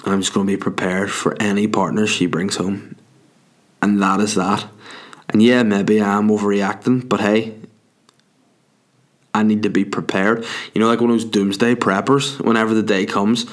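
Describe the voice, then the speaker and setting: Low-voiced man ranting comically. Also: flat delivery, normal speed, pauses often. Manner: profane, worked-up, rambling rant. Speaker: comedian. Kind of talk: comic monologue rant.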